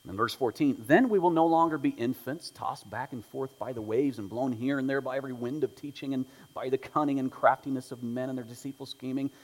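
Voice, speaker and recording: Male pastor, conversational sermon, playful asides, mid-pitched voice, long church-hall reverb. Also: a little fast, few pauses. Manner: conversational preaching with humorous asides. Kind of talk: sermon with opening prayer. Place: church sanctuary.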